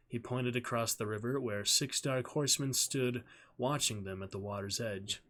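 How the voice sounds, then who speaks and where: A man reads a novel aloud on his stream at a calm, measured pace. His voice sits at an ordinary middle pitch, and each sentence comes out steady and even as the story unfolds.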